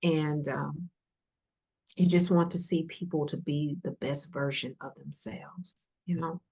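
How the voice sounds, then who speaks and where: Low, husky woman speaking earnestly. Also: steady tone, unhurried. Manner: earnest, repetitive, softly emotional, drops to whispers. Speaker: podcast guest. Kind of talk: heartfelt conversational encouragement.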